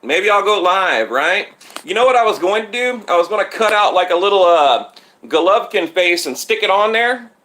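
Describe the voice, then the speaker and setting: High, bright-voiced man rambling on a live stream. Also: lively intonation, normal speed. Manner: rambling, talks straight to viewers, reads comments. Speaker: boxing channel host. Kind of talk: casual live-stream chat. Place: home setup in Texas. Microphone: tablet on live stream.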